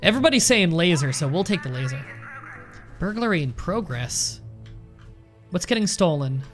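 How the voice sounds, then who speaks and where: A man's voice: a little high, sing-song, moderate pace, soft background music. Chatty man narrating his gameplay. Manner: chatty, rambling, thinking aloud. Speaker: let's play host. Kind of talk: casual gameplay commentary.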